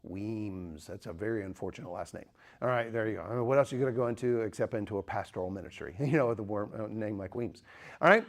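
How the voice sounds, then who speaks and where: A man's voice: lowish voice, fast talker. A man lecturing with humor and energy. He keeps checking in with the audience and tosses them questions. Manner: lively, joking, asks the audience questions. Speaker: speaker. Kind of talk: apologetics lecture.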